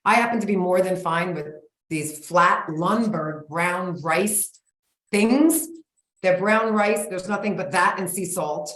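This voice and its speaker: A woman in her forties talking as a guest expert in a casual interview, in a blunt, folksy and energetic way. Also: on the low side, moderate pace. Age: 40s. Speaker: guest expert on sugar cravings. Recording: roomy echo.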